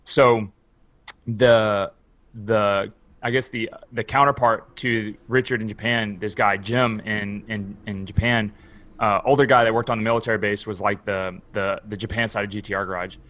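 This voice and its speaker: A man's voice: fairly low pitch, steady tone, moderate pace, fairly bright tone. A man from Houston, Texas, a podcast guest telling a long story in casual chat, swearing freely, filling his talk with "like" and acting out what people said. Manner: rambling, profane, heavy use of "like"; acts out quoted dialogue.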